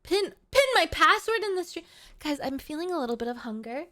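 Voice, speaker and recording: A woman's voice: high voice, lively intonation, fairly quick, bright, forceful tone. A woman streamer chatting casually with her viewers at home, playful, giggly and rambling. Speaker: VTuber streamer. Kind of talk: casual livestream chat.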